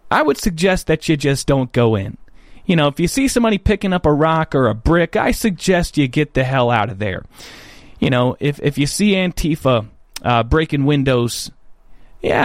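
Hoarse man ranting casually. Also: fairly high pitch, no room sound, studio quality. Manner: blunt, rambling, frequent fillers. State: hoarse, coughing. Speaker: political commentary host. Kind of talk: casual commentary.

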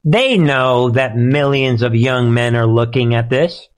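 A man's voice: mid-range voice, unhurried. A man hosting live political commentary, sarcastic and heated, and he often laughs.

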